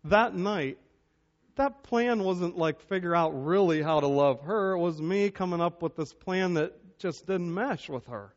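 High-voiced pastor telling a funny story. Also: male voice, unhurried. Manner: humorous storytelling, animated. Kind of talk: sermon. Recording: dull lo-fi sermon recording.

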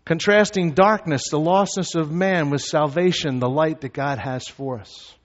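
A male pastor preaches a sermon in a church sanctuary. His voice sits a bit high, and the hall gives it a long echo. The sound is slightly dull, and his delivery swings from measured teaching to loud shouting.

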